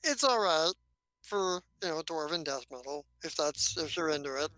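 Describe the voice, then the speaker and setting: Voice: medium pitch, expressive, normal speed, pushed and bright, no echo. A game master voicing a blunt, often drunk woman crew member in a tabletop game, offhand and dismissive. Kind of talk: tabletop game role-play.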